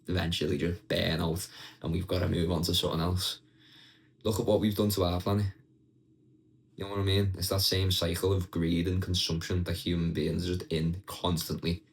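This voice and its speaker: A man's voice: sits low, slight background noise, poor audio. A young man ranting casually and bluntly to his viewers, swearing freely and talking straight at the camera. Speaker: vlogger.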